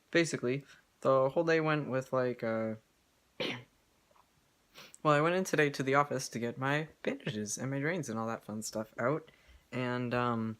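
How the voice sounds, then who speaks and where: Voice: medium pitch, fairly bright tone. A vlogger talking casually at home in an update video, rambling with lots of fillers and restarts and giggling often.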